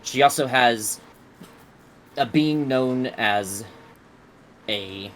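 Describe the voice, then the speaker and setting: A man voicing a weary, aloof male jinni bound by contracts, speaking in slow, grave, clipped pronouncements during a tabletop game. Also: mid-range voice, fairly bright tone, a little hiss or hum, rough recording. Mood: grim. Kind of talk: tabletop role-play voicing.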